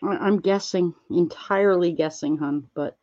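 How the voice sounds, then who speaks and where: A woman streaming, chatting casually with viewers while she crafts, rambling and gently reassuring them with lots of fillers. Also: lowish voice, moderate pace, highs cut off. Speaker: livestreamer answering chat.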